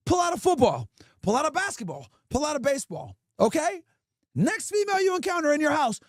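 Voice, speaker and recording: High, animated man ranting to chat. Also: a little fast, no room sound, studio quality. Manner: emphatic, mocking, repeats rhetorical questions. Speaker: streamer and podcast host. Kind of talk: ranting commentary to a live chat.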